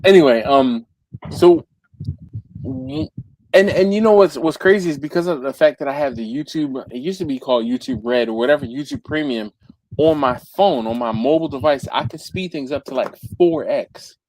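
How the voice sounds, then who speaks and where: A man's voice: on the high side, lively intonation, normal speed, a little mellow, poor audio. A man hosting a casual live chat, rambling and stumbling over repeated words, acting out quotes with jumps in his voice. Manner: acts out quotes with big jumps in voice. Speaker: livestream host.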